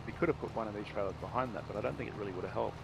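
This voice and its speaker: A man's voice: lowish voice, racing, creaky, noisy background. A man chatting casually as a co-player in a game, joking and laughing along. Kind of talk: casual gameplay chat.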